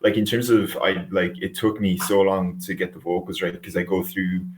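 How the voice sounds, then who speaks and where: A man's voice: sits low, level tone, moderate pace, a little mellow, a little hiss or hum. A man from West Cork with a Cork Irish accent, chatting casually as a musician guest on a podcast and filling his talk with "like". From West Cork, Ireland. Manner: chatty, laughs often, says "like" a lot.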